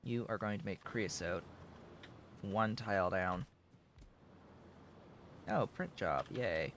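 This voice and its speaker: Man, deep voice, unhurried, hoarse and fading, muttering to himself, faint background hum. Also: a bit bright. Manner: mumbling to himself while building. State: losing his voice. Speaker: game streamer. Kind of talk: casual gameplay commentary.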